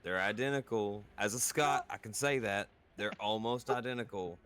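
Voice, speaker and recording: A man's voice: fairly low pitch, normal speed, a bit bright. A man playing a tabletop game, joking playfully with the table. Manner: playful, explains with laughter. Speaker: player.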